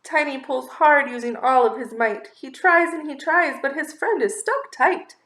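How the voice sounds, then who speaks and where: A woman reading a rhyming children's picture book aloud in a lively, expressive, sing-song way. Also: high voice, normal speed, echoey room. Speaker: children's story reader. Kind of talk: storybook read-aloud.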